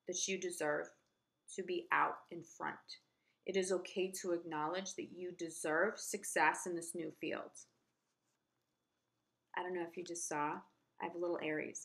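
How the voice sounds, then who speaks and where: A woman's voice: on the low side, vocal fry, sharp tone. A woman giving a casual, earnest tarot horoscope reading, reassuring and repeating herself. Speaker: tarot reader.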